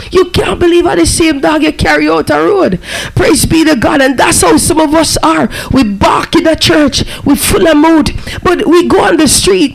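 A man's voice: very high-pitched, creaky, rough recording. A man preaching a fervent sermon, breaking in often with amen and praise be to God.

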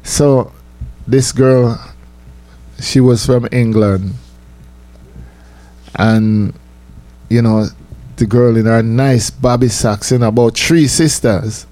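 A man's voice: medium pitch, steady tone, slow, pauses often, mellow, no echo. A man, telling a casual personal story, chatty and laughing often. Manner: chatty, laughing, repeats himself, says "you know" often.

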